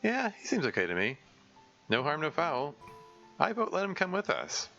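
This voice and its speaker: Laid-back agreeable young guy, a man reading him; bright, lively voice. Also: on the high side, moderate pace, creaky, dull audio, faint music behind, pitched above the performer's own voice, exaggerated voice.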